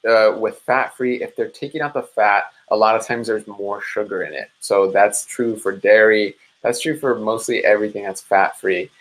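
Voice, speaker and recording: A man's voice: lowish voice, low-quality recording. A man in his twenties or thirties hosting a live diet support session, talking casually and energetically and calling viewers "guys". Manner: mimics listeners in animated quoted asides. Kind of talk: casual live-stream advice talk.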